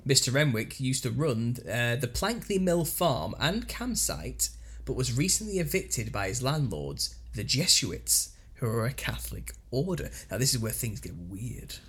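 Husky man reading news with laughs. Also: mid-range voice, very animated, unhurried, fairly bright tone. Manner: laughs often, reads quotes in put-on voices. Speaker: podcast co-host. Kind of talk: casual podcast chat, reading news aloud.

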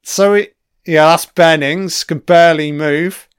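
A man's voice: a little high, fairly even intonation, unhurried, clean tone, dry recording, studio quality. A man giving a casual audio commentary on a film, swearing freely and rambling with trailing-off asides. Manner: profane, enthusiastic, frequent swearing.

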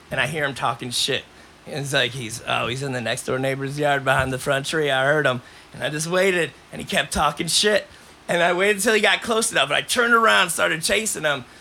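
Podcast host with a fairly high voice, telling loose, rambling stories. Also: male voice, a little hiss or hum. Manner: rambling, animated, coughs between lines. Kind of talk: casual storytelling.

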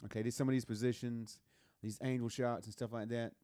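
A man's voice: mid-range voice, little pitch movement, fairly quick, warm tone, no echo, clean studio sound. A man chatting casually with friends, joking crudely and laughing often. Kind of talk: casual chat.

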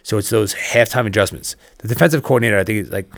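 A man co-hosting a sports betting podcast, talking football in a fast, profane, rambling way. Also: lowish voice, gravelly, fairly bright tone, no room sound. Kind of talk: casual sports chat.

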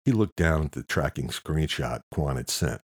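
A man reading a thriller audiobook in an expressive narration style. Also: a bass voice, moderate pace, husky, no room sound, studio quality. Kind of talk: scripted narration.

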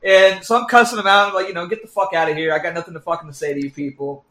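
A man tells a story in casual chat, swearing freely and acting out every quote. His voice sits high and bright. The recording is echoey, as if in a bare room. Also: fast talker. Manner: animated, profane, acts out quotes. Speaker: guest.

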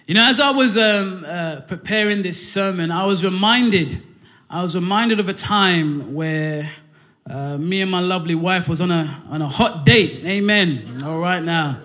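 A young man preaching a lively, joking church sermon, often asking for amens, with many fillers. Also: high voice, a little slow. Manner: energetic, jokey, calls for amens, many fillers. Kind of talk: church sermon with call and response.

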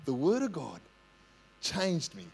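A man with an Australian accent, a senior pastor telling stories in a lively, conversational sermon, often asking "right?". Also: a little high, slow pace, creaky, slightly rough. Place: church. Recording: long church hall reverb.

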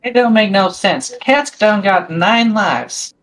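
A woman's voice: mid-range voice, slow, poor audio. A woman playing a folksy country cowgirl with a put-on rural Southern drawl.

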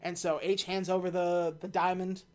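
A woman's voice: lowish voice, flat delivery, a little mellow. Woman recapping a movie in casual chat. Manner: retells scenes with quick mock voices for the characters. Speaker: podcast co-host recapping a film.

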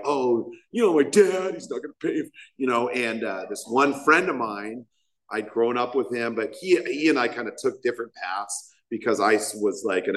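A man's voice: lowish voice, low-quality recording. A man speaking at a recovery meeting, telling a rambling, self-mocking personal story to a group. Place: meeting hall.

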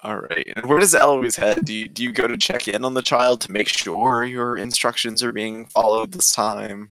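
A man running a tabletop role-playing game as game master, describing scenes and asking the players questions in a relaxed way. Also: medium pitch, normal speed, poor audio.

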